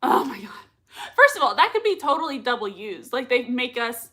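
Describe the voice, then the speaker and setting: Young woman streamer freaking out over a show, high bright voice, keeps repeating herself. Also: moderate pace. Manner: excitable, gushing, repeats herself. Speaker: livestream reaction host. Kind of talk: live reaction stream, reading chat.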